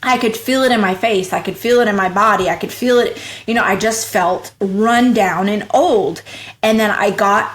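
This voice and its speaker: A woman talking as a guest in a casual interview, frank and talkative, who acts out her own past thoughts in quoted voices and speaks in quick bursts. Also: medium pitch. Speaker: podcast guest, small business owner.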